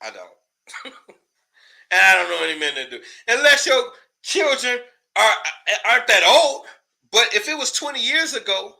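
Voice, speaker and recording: A man's voice: sits high, gravelly, sharp tone. A man hosting a casual commentary show, ranting in a loose, profane way, laughing often and repeating words when worked up.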